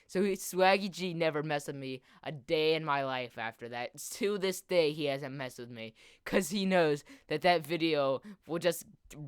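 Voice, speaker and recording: A man's voice: a little high, a bit bright, clear, resonant tone, dry recording, studio quality. A teenage boy telling a long story while he games, rambling and filling nearly every phrase with "like". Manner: rambling, constant "like" fillers. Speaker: gaming video host. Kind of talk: casual storytelling over gameplay.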